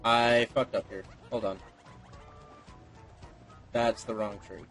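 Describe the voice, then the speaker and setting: A man's voice: fairly low pitch, little pitch movement, takes it slowly, fairly bright tone, soft background music. A man hosting a let's play, giving casual, chatty and self-deprecating gameplay commentary.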